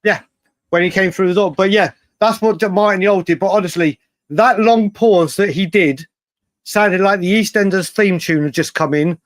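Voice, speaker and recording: A man co-hosting a podcast, telling stories in an animated, rambling casual chat with many restarts. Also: sits high, moderate pace, no echo. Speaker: podcast co-host.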